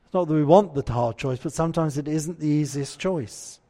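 A man's voice: fairly high pitch, moderate pace, dark tone. A man preaching a conversational sermon and often putting questions to the congregation. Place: church. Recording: church hall reverb.

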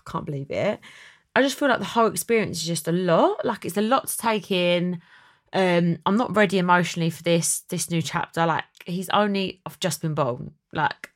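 A young woman hosting a podcast, chatty and dramatic in a casual chat. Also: fairly bright tone. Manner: chatty and dramatic, quick swings in pitch. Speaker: podcast host.

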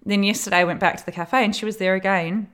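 A woman in her late twenties co-hosting a podcast, telling lively anecdotes and acting out what people said, swearing freely. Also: medium pitch, quick pace. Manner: animated storyteller, acts out quotes, swears freely. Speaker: podcast co-host. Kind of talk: casual chat.

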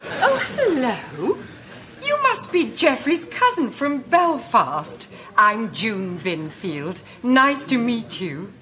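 A woman's voice: a little high, very animated, slow pace, pushed and bright, faint music behind, full character voice. A woman playing a flustered genteel hostess. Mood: flustered polite. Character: flustered polite middle-aged hostess.

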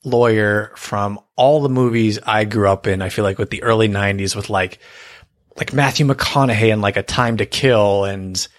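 Relaxed, thoughtful male podcast co-host with a somewhat low voice. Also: moderate pace. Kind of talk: casual chat.

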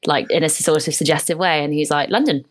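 A woman co-hosting a podcast, chatting casually and telling stories with quick laughing asides. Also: deep voice, level tone. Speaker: podcast co-host. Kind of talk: casual chat. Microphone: podcast microphone.

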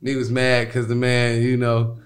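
A man's voice: medium pitch, monotone, a little slow. A man talking in a loose, rambling casual chat, full of fillers and repeats. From Chicago.

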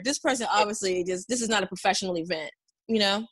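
A woman's voice: mid-range voice, fast talker, fairly bright tone. A woman co-hosting a casual chat, brash and profane, who slips into mock voices to make her point.

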